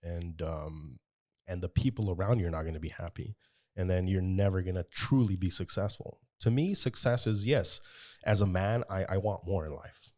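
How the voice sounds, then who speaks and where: A very deep-voiced man from the United States, chatting on a podcast. His tone is dark and mellow, and he talks earnestly, rambling a bit and restarting sentences. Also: normal speed. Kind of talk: casual podcast conversation.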